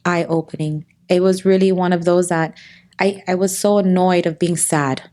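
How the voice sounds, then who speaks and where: A woman guest in an interview, talking earnestly and at times tearfully about loss and faith, with halting restarts. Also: on the low side, little pitch movement, dark tone. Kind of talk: emotional interview conversation.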